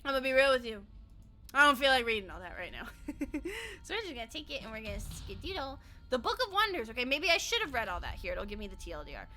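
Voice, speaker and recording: A woman's voice: fairly high pitch, sing-song, quick pace, pushed and bright, soft background music. A young adult woman streaming a game, chatting casually in a bubbly way, laughing often and swearing offhandedly. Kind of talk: casual live-stream chat while playing.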